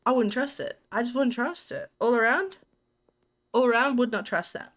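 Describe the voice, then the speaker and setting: Woman, Australian accent, streamer, fairly high voice, giggly, jumpy, talks to herself. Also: normal speed, fairly bright tone. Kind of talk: live gameplay commentary.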